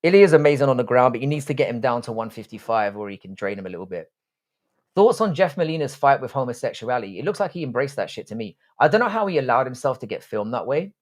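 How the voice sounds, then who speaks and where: A young British man hosts a casual live stream, greeting viewers and riffing on their comments. His talk is crude and profane, full of jokey asides. His voice sits at an ordinary middle pitch. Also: expressive, fast talker. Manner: crude, profane, joking banter.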